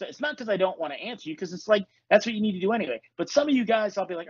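A man's voice: high voice, animated, racing, hardly any pauses, husky, no echo, muffled recording. A man hosting a podcast, talking casually and bluntly with lots of swearing, as a life coach. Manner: blunt, profane, confessional. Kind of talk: casual chat.

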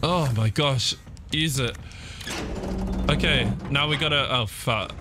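A man giving let's play commentary on a horror game, panicky, his pitch jumping high when scared, often saying "fudge" in place of swearing. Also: slow pace, noisy background. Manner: swaps swear words for "fudge". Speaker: gaming YouTuber.

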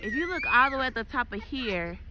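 A woman's voice: fairly high pitch, sing-song, fast, background noise. A mother filming outdoors at sand dunes, talking to viewers and scolding her kids between remarks. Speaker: mother on a family trip. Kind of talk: casual vlog commentary.

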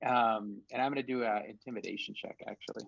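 A man's voice: lowish voice, fairly even intonation, fast, vocal fry, crowd noise. Rambling man, dull lo-fi mic. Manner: rambling, hedging, with many fillers. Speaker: player. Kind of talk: casual tabletop game play.

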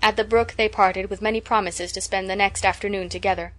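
Lady reading an old novel aloud, steady and measured, mid-pitch voice. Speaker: audiobook narrator. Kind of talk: scripted narration.

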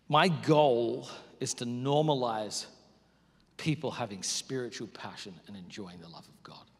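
A man preaching a sermon as pastor, moving between loud bursts and hushed near-whispers. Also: medium pitch, breathy edge. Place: large church hall. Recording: hall reverb.

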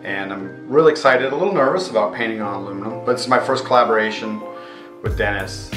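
A man's voice: on the low side, fast talker, music in the background. A man making a casual travel vlog about his life as an artist, chatty and self-mocking, laughing often. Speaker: vlogging artist.

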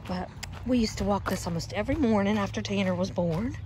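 A woman's voice: medium pitch, a little fast, darkish tone. A middle-aged woman chatting casually while walking a trail, out of breath and reminiscing as she films on her phone. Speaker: vlogger. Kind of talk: casual walking vlog narration. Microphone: handheld phone. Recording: noisy outdoor phone audio. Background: running water, birds, passing vehicles.

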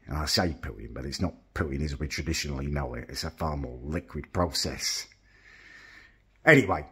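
A man's voice: sits low, slightly rough. A young man vlogging casually, telling stories in a wry, grumbling, exasperated way. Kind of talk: casual vlog chat.

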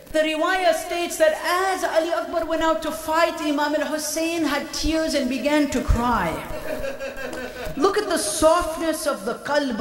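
A male preacher gives an impassioned mourning sermon, chanting Arabic lines amid his telling. His voice sits high and carries a long reverb, picked up from far off in a large hall. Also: a bit bright.

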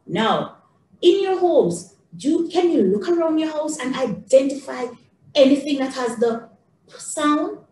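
With a high pitch, a darkish tone and lively intonation, a woman teaching young children speaks slowly in an encouraging singsong. The mic is distant, the room echoes, and faint noise can be heard.

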